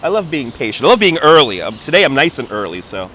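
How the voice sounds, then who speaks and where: A man hosts a playful livestream tour from a city park, talking into a handheld phone and wandering into put-on accents as he chats. He talks fast in a mid-range, sing-song voice that's bright and forceful, with a bit of background noise.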